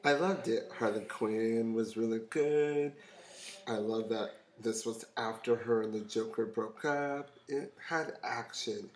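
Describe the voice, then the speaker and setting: A man's voice: on the low side, unhurried, echoey room. A man co-hosting a podcast in casual chat, mostly giving brief agreeing replies. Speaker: podcast co-host.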